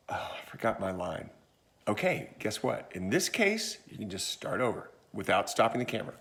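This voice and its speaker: A man's voice: lowish voice, very animated, moderate pace, vocal fry, a bit bright. A man giving a casual how-to tutorial on filming skits, chatting and demonstrating as he goes, recorded on a phone about a foot away. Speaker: church video instructor.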